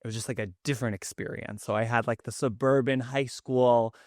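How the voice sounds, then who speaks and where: A man's voice: mid-range voice, fairly even intonation, a little fast, darkish tone, dry recording, clean studio sound. A man in his thirties with a New York Queens accent, a cookbook author chatting as a podcast guest in an effusive way. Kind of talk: casual podcast chat.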